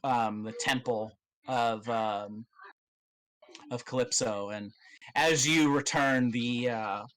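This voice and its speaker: A man narrating as game master of a tabletop game, in a loose, halting way with many fillers and casual swearing. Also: medium pitch, fairly bright tone, poor audio.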